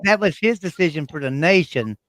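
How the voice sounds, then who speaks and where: Blunt teasing man, lively pitch. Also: fairly quick, dry recording. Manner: blunt, teasing, swearing, repeats himself. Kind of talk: heated political argument.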